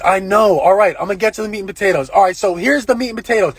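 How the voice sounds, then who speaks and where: A man telling a long story on a phone livestream, in a profane, rambling and excitable way. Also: sits high, rapid-fire, husky, no room sound. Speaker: live-streamer. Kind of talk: casual live-stream storytelling.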